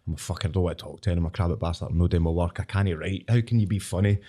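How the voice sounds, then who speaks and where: Fast-talking gruff Scottish man. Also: deep voice, warm tone. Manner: blunt, sweary, storytelling. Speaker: podcast host. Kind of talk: casual chat.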